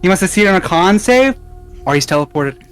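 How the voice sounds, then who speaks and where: A man playing in a tabletop game, talking casually and swearing when excited. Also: high-pitched, brisk, soft background music. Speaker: player.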